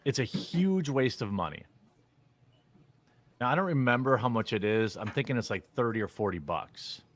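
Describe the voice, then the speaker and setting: Man, streamer, blunt, mock-serious, casual commentary, mid-pitched voice. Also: animated, moderate pace.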